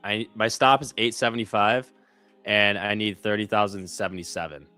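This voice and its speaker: An excitable man co-hosting a live trading show, his voice bright and pushing forward. He talks casually and breaks into laughs and yelps as his trades go wrong. Faint music plays underneath. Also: on the low side, moderate pace, clear, resonant tone. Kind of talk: casual chat.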